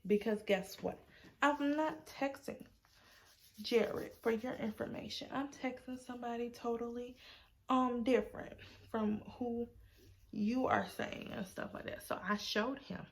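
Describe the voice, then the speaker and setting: Gravelly-voiced woman telling a storytime. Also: on the high side, measured pace, a little hiss or hum. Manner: animated, acts out quotes in a sassy tone. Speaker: storytime vlogger. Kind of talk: casual storytime vlog.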